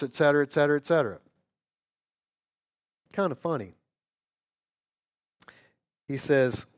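A man teaching an informal Bible lesson in an animated, joking way, often checking in with rhetorical questions. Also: a little high, moderate pace, long pauses.

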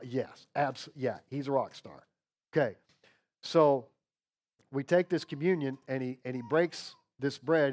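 A man preaching a sermon in a casual, conversational way, correcting himself mid-sentence, dropping to a hush when reading scripture and building to a rising chant. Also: medium pitch. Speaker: pastor.

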